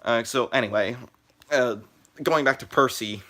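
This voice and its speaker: Teen guy on a phone live stream, mid pitch, lots of uh and like, keeps restarting his sentences. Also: sharp tone. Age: teens. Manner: halting, full of "uh" and "like", restarts sentences. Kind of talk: rambling live stream chat.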